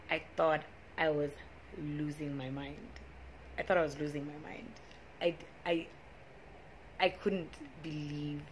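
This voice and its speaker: A woman's voice: low voice, slight background noise. Emotional young woman telling a story. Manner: emotional, animated storytelling with many restarts. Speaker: vlogger. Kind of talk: storytime vlog.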